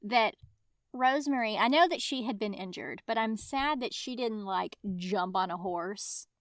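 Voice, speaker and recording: A woman co-hosting a book podcast in casual chat, telling things with animated enthusiasm. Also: mid-range voice, unhurried, no room sound, studio quality. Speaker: podcast co-host.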